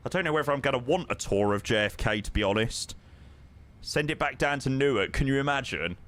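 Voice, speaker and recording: A man's voice: medium pitch, expressive, brisk, fairly bright tone, a little hiss or hum. A man chatting casually on a live stream, answering viewers with plenty of ums and friendly "mate"s. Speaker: live streamer flying a flight simulator.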